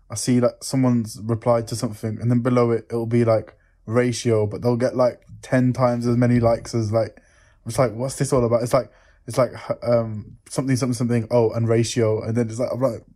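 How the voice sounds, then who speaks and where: A young man joking around on a podcast. His voice sits at an ordinary pitch and jumps about readily as he teases his friends. He laughs easily and talks casually. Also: a little fast. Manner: animated, laughs often, jokey. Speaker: podcast co-host. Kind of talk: casual banter.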